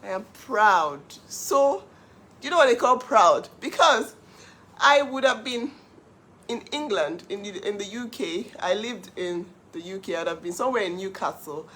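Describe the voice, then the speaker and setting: Animated woman on a livestream. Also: mid-range voice, normal speed. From Nigeria. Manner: animated and emphatic, laughing often. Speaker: cookware seller hosting a livestream. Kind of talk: casual livestream talk.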